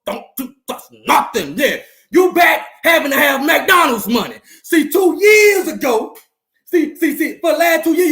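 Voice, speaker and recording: A man with a high, lively voice loudly gloats over a rival team's loss on his live stream. He keeps repeating his jabs and cuts them with laughter and whoops. The sound comes from a roomy, echoey space. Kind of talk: trash-talking sports live stream.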